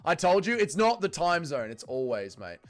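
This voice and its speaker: Young man, livestream host, casual banter, profane, lively swinging pitch, soft music behind. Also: normal speed. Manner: reads viewer chat aloud and banters, swears freely. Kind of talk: casual watch-along chat.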